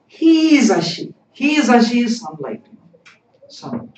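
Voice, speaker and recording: A man teaching a Japanese lesson, repeating each phrase and translating it in a deliberate, explanatory way. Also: sits high, animated, a little mellow. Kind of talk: live-streamed language lesson. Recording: echoey, distant, dull live-stream audio.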